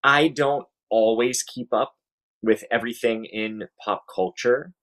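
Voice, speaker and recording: A man hosting a podcast who talks in a measured, reflective way and steers the conversation. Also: mid-range voice, fairly bright tone, poor audio. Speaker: podcast host. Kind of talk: casual chat.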